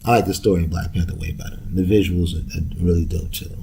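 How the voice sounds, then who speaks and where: A man's voice: low voice, little pitch movement, quick pace, vocal fry, noisy background. A young man hosting a podcast, ranting casually with loose street slang, profanity and laughter. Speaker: podcast host.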